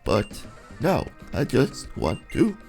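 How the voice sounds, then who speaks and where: A man putting on a gravelly robotic villainess. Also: medium pitch, huge pitch swings, slow, darkish tone, faint music behind, pitched below the performer's own voice, full character voice. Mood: cold menace. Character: robotic female villain admin, cold and flat.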